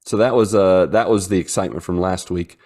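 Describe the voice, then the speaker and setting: A man's voice: low voice, fairly quick, darkish tone. A man in his thirties, co-hosting a podcast in casual chat, telling a rambling story full of fillers. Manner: rambling storyteller, many fillers, acts out his dogs in silly voices. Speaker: podcast co-host.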